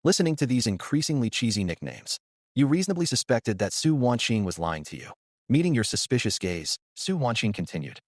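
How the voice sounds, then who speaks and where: A man narrating a story recap in second person with animated storytelling. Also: medium pitch, brisk, no echo, studio quality.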